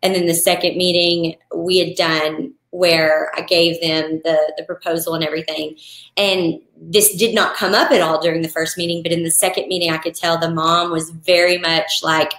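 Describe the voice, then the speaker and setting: Woman, wedding florist, casual live-stream talk, animated and chatty, roomy echo. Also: lowish voice, moderate pace. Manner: chatty, animated, acts out clients in quoted voices. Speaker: wedding florist and business coach.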